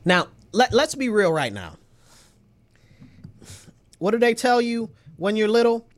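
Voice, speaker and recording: A man's voice: sits high, big pitch swings, a little slow. A man from New York State delivering an agitated political rant, emphatic and repetitive with many rhetorical questions. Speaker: local political commentator.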